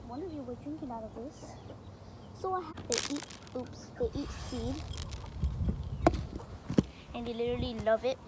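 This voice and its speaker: A young woman with a high voice rambles through a casual vlog, filming on a hand-held phone outdoors. She is excitable and chatty. Clucking chickens and birdsong are clearly heard behind her. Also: normal speed, long pauses, heavy background noise. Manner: rambling, excitable, gets loud when the chickens crowd her. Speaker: vlogger. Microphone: phone camera held in hand.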